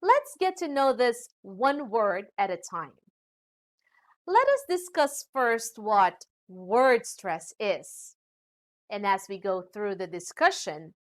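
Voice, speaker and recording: A woman with a Filipino accent teaching an English lesson, saying example words slowly and clearly. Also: on the high side, fairly bright tone.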